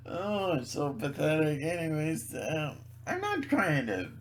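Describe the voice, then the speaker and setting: A man's voice: on the high side, very animated, a little mellow, slight background noise. A man in a rambling solo video monologue, sarcastic and mocking, laughing at his own jokes and stumbling over repeated words. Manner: halting, repeats words and restarts. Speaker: video blogger.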